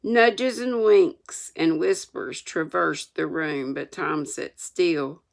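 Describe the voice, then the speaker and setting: A woman's voice: sits low, slow pace, creaky. An older woman reading a classic novel aloud, adding homespun, chatty asides. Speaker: storyteller.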